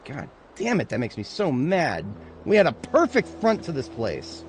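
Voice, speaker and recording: Over game music and sounds plus slight background noise, a man with a slightly high voice talks through his own gameplay at a moderate pace. His pitch swings hugely as he goes from muttering to angry shouting, swearing often in casual let's-play style.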